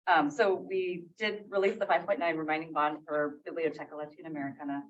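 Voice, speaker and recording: A woman's voice: deep voice, steady tone, brisk. Woman presenting at a distant, muffled mic. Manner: casual, self-correcting, laughs off slips. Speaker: library staff presenter. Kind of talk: public meeting presentation. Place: meeting room. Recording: distant, dull lo-fi meeting audio.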